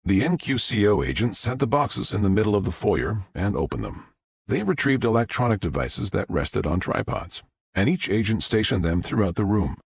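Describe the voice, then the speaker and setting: A man reading a novel aloud as an audiobook narrator, with a gravelly voice and a measured delivery. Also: fairly low pitch, big pitch swings, no room sound.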